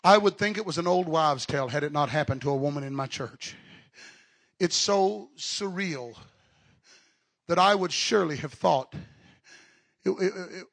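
A high, gravelly male preacher delivering a fiery revival sermon at a live service. His voice rings bright and forceful, and he climbs into passionate shouts, stumbling over repeated words as the fervor takes him. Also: normal speed, pauses often. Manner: impassioned, builds to shouting, stammers and repeats. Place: live church retreat service.

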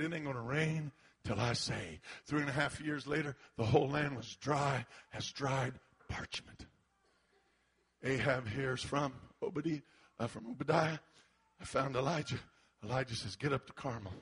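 A man preaching a sermon, acting out the quotes as he goes and breaking into shouts. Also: medium pitch, steady tone, normal speed, creaky, breathy edge. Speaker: pastor.

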